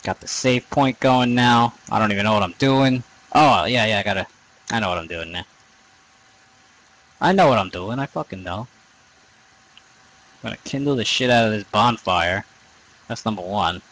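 Rambling and self-deprecating, a young gaming commentator swears frequently during a casual let's play. He speaks at normal speed with long pauses, in a lowish, fairly bright voice, recorded with poor audio.

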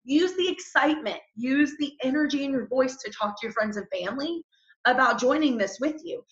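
A woman's voice: high voice, expressive, a little fast, a bit bright. A young woman coaching her team on a group call, peppy and chatty, full of "like" and "y'all.". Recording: echoey room, dull lo-fi sound.

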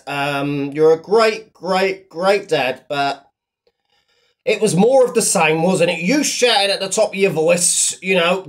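A man runs a mocking commentary in a loose, rambling way. He stacks up fillers and restarts, and his tone stays sneering and dismissive throughout. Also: on the high side. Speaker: online commentator.

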